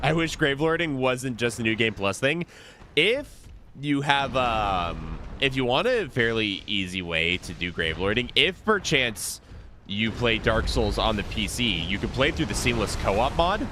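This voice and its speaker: Male streamer, live game commentary, animated, bright tone, faint noise. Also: mid-range voice, unhurried. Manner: casual, chatty, talks to chat.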